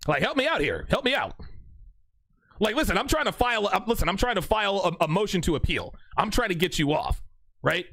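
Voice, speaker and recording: Male live-stream host; playful, teasing delivery, pitch swinging all over, very dry mic. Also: big pitch swings, fairly quick, gravelly, a bit bright, no room sound. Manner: teasing, laughing, mock-courtroom ribbing. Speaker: livestream host reading chat. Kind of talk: casual live-stream banter.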